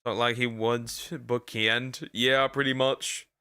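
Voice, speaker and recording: A man's voice: medium pitch, level tone, slow pace, pushed and bright, clean tone, no echo, clean studio sound. A man streaming as a VTuber, rambling and stammering through jokey reaction commentary. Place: lives in Germany.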